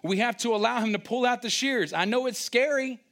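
A man preaching a sermon, animated and storytelling, who acts out little scenes with sudden high-pitched outbursts and drops into quiet asides. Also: fairly quick. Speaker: pastor.

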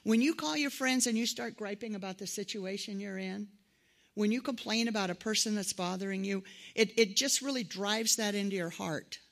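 Middle-aged female preacher, conversational sermon, gravelly tone, animated when quoting others. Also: mid-range voice, normal speed. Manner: conversational, animated quoted voices. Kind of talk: sermon with personal stories.

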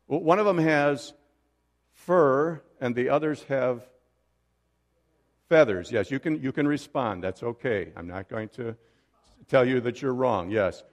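Middle-aged pastor preaching in a reverberant church. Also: male voice, medium pitch, a little slow. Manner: conversational, joking asides to the congregation. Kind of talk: sermon. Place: church sanctuary.

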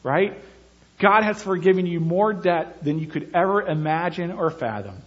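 A man's voice: high-pitched, moderate pace, a bit bright, highs cut off. A man preaching an earnest sermon as pastor, building his points with repeated phrases.

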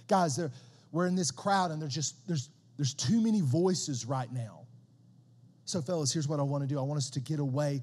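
A man preaching a sermon as a pastor, conversational and animated, often repeating words as he builds a point. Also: on the high side, moderate pace, in a large hall.

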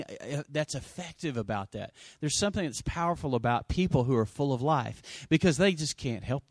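A middle-aged man preaching a sermon as pastor, conversational, swinging between loud emphasis and quiet asides and calling for amens. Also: medium pitch, no echo, clean studio sound. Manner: asks the congregation for amens.

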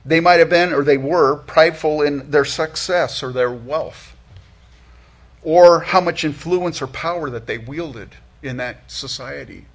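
A pastor delivers an earnest, conversational sermon in a gravelly, slightly husky voice. He pitches a little high for a man. He restarts phrases often and lifts his voice when he presses a point. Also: a little slow. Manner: earnest, conversational, many restarts, rises for emphasis.

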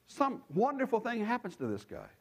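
A man's voice: sits high, husky. A man preaching a sermon as a pastor, telling stories with chuckles and repeating phrases for emphasis. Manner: animated storytelling with chuckles and asides.

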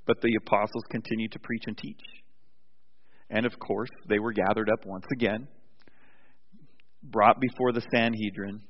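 A male pastor preaching a sermon with animated storytelling, often restarting his sentences, in a church sanctuary. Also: lowish voice, normal speed, pauses often. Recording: dull recording with long hall reverb.

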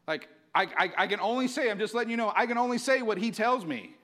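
A man's voice: high-pitched, animated, fast talker, fairly bright tone, pitched above the performer's own voice. A man voicing an apologetic, hedging male prophet for hire.

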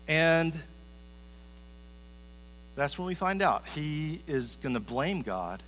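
A man's voice: fairly high pitch, very animated, slow, long pauses, a bit bright. A man giving a conversational sermon as a pastor, often repeating his first word as he starts a sentence. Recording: reverberant hall with faint mains hum.

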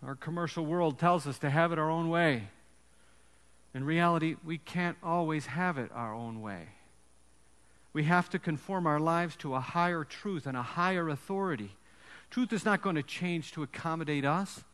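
A man preaches a sermon in a high voice and lets his pauses hang for effect. The sound has a long reverb, as if from a church hall. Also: a bit bright, clear, resonant tone. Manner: emphatic, storytelling delivery with dramatic pauses. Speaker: pastor.

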